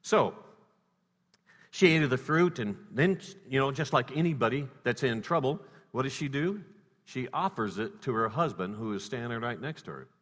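A man preaching a sermon built around a personal story, swinging between loud emphasis and hushed lines. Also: medium pitch, expressive, moderate pace. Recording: reverberant hall.

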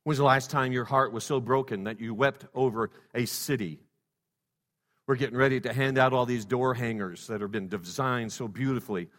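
A male pastor preaching a sermon, swinging from loud exhortation to hushed softness and stacking rhetorical questions. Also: medium pitch, normal speed. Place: church sanctuary. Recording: long reverb in a church hall.

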